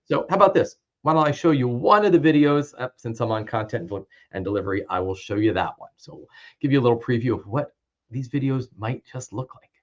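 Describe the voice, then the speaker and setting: A man's voice: medium pitch, expressive, fast. A man casually walking through his training video series in a conversational way. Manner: conversational, informal. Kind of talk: casual product walkthrough. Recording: dull lo-fi with clear background noise.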